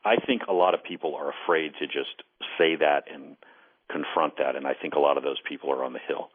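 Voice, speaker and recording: Low-voiced man on a phone line. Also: fairly even intonation. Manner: earnest, deliberate, repeats words when starting a thought. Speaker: guest, former intelligence case officer. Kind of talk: call-in radio interview. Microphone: telephone.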